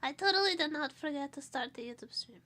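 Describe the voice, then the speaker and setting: A woman's voice: high-pitched, lively intonation, quick pace, sharp tone. A Portuguese woman with a Portuguese accent chatting casually on a stream, playful and rambling, stressed and tired. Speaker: vtuber streamer.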